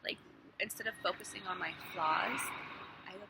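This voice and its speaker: A woman who works as a hairstylist talks casually to the camera, lively and frank, swearing now and then. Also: medium pitch, moderate pace, gravelly. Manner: animated, swears, laughs between thoughts. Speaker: hairstylist vlogger. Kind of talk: casual phone monologue. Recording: noticeable background noise.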